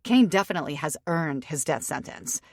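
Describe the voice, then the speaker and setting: A spirited young werewolf woman, as a female narrator plays her, brisk and emphatic with a cheeky edge. The voice sits low for a woman and is recorded dry and close. She speaks bluntly and with upbeat force. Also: animated, no echo. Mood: frank. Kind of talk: audiobook character reading.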